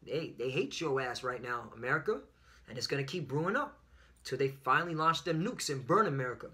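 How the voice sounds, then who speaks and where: A man's voice: mid-range voice, expressive, fairly quick, sharp tone. A man preaching a fiery religious commentary lesson with frequent fillers and profanity. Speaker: online preacher.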